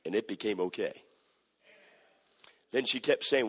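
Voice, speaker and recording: Man, preacher, husky voice, hushed then shouting, echoing church hall. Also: lowish voice, expressive, normal speed, long pauses. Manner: swings from hushed storytelling to shouting. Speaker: pastor. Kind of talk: sermon. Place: church sanctuary.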